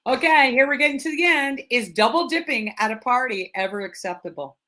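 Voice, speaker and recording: A woman realtor hosting a casual live stream interview over a video call, chatty and quick to laugh as she fires off questions. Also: high-pitched, animated, bright, forceful tone. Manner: chatty, laughs easily, rapid-fire questions.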